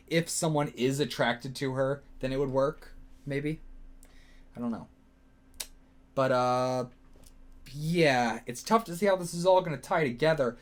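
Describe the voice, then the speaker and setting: A man with a slightly higher voice talks through a reaction video. He rambles, stops to question himself, and leans on fillers and the odd swear. It has the loose feel of casual solo commentary.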